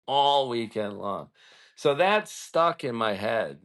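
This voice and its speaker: A man's voice: medium pitch, lively intonation, takes it slowly, a bit bright. Podcast host, man, blunt and profane, casual ranting storyteller.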